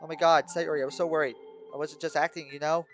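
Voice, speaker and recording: A man voicing a frantic teenage girl who talks loudly and breathlessly, repeating herself in relief. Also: mid-range voice, flat delivery, quick pace, faint music behind, close to an everyday voice.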